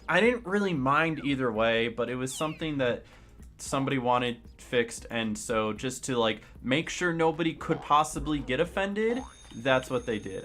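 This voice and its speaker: A man's voice: mid-range voice, lively intonation, normal speed, fairly bright tone, soft background music. A young man giving casual, rambling commentary while he plays, opinionated but shrugging, with many fillers and restarts. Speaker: gaming streamer.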